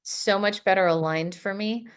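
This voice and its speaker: Woman, podcast guest, from the US, middle-aged, animated storytelling, laughs often, mid-pitched voice. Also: normal speed, clear, resonant tone. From United States. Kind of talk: casual storytelling.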